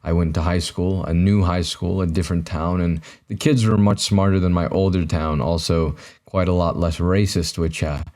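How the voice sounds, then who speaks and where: A man's voice: deep voice, fairly even intonation, normal speed, a little mellow. A young man hosting a podcast alone, talking to his camera in a rambling, self-mocking way with lots of fillers and restarts. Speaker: podcast host. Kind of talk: solo comedic monologue to camera. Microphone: camera mic, recording himself.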